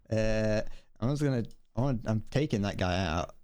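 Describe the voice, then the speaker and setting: A young man streams a tank game and talks to his chat the whole time. He swears freely, laughs often and jokes at his own expense. His pitch swoops up and down in an animated way. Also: takes it slowly. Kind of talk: casual gameplay commentary.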